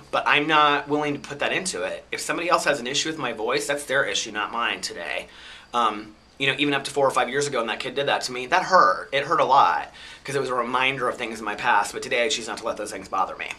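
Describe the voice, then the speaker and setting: Midwestern guy, effeminate twangy voice, super bright sharp tone, chatty candid vlog talk. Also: mid-range voice, fast. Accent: Midwestern American. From Chicago, US Midwest. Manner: reflective and candid, chatty storytelling. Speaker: vlogger. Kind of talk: casual personal vlog monologue.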